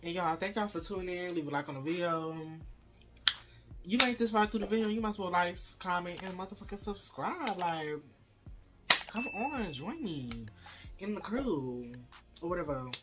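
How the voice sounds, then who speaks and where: A young man hosting a casual mukbang vlog, talking straight to his viewers in a sassy, profane, expressive way. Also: moderate pace, over loud music. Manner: sassy, profane, expressive with wide pitch swings. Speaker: vlogger host. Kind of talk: casual mukbang chat to camera.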